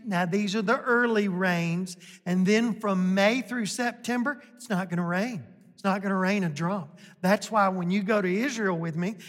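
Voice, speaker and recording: The sermon comes from a pastor whose medium-pitched voice is a bit bright, echoing with long reverb as if through a big sanctuary. His slow, deliberate delivery is folksy and emphatic, repeating points and often asking "right?"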